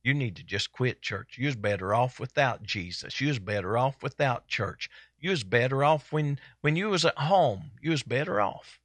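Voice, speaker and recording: A man preaching, putting on the voice of a sly male devil who coaxes and whispers doubts in a low, hushed tone. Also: lively intonation, normal speed, few pauses, no room sound. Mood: sneering.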